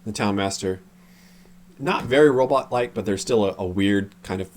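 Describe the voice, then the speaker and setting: A man narrating as game master in a relaxed, halting way, full of restarts. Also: on the low side.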